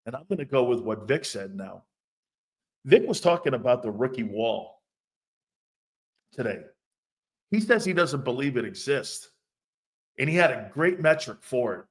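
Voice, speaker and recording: A man's voice: mid-range voice, moderate pace, pauses often. A man hosting a sports talk show, reacting to fan comments in a loose, profane way and laughing often. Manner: animated, laughing, profane, loud outbursts.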